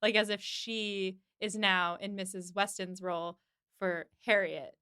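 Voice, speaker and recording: A woman's voice: medium pitch, measured pace, clean tone, no echo, studio quality. A woman hosting a podcast, recapping an episode in casual chat and acting out the characters' lines. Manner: animated, acts out lines of dialogue.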